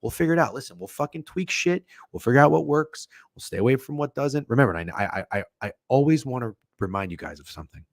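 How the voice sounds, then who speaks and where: A man's voice: medium pitch, animated, quick pace, few pauses, no room sound, clean studio sound. A young man hosting a sports betting stream, rambling and swearing as he reads chat comments and talks through games. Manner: profane, rambling, self-interrupting. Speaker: sports betting show host.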